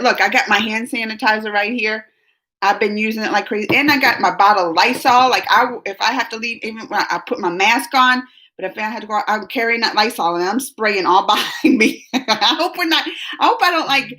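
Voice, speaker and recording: A woman hosting a live stream, chatting casually with her viewers. She is emotional and laughs often, going from giggly to soft and earnest. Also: a little high. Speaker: reaction channel host reading live chat.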